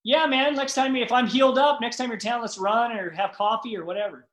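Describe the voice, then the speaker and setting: A man's voice: very high voice, steady tone, brisk, a bit bright, echoey room. A middle-aged man, a podcast guest, chatting in an upbeat, friendly way. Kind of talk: casual podcast chat.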